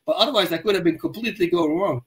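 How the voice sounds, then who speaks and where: Animated storytelling man, high voice. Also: racing. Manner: animated storyteller, acts out quotes and dog growls. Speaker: podcast co-host. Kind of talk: casual chat, storytelling.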